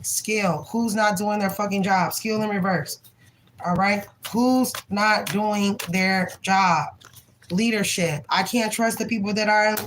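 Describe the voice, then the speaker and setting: A woman's voice: medium pitch, slight background noise, low-quality recording. A young woman giving a live tarot reading, reading card names aloud in a blunt, profane, chatty way. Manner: laughs often and voices the people in the cards. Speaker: tarot reader.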